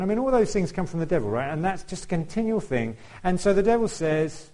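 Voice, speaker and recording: Mellow-voiced man preaching casually. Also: high-pitched, sing-song, brisk, few pauses, poor audio. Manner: chatty, asks the congregation questions, acts out quoted voices. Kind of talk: conversational sermon.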